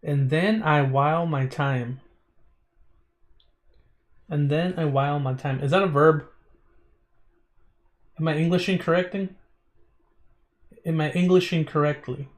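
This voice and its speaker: A man's voice: fairly high pitch, a little slow, long pauses. A man streaming a visual novel, reading the text aloud in a casual way, stumbling over words and breaking off into chatty asides.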